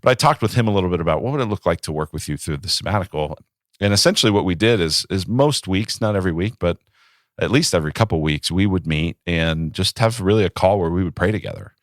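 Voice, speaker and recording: A man in his thirties, a pastor, talking in a relaxed podcast conversation and telling stories with acted-out quotes. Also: low voice, quick pace, no echo, clean studio sound. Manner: reflective, storytelling with acted quotes.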